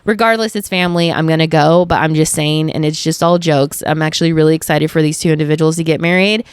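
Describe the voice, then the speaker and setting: Young woman vlogger, casual rambling chat, smooth clear voice, dry close sound, swears freely. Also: low-pitched, fairly even intonation, fast, no echo.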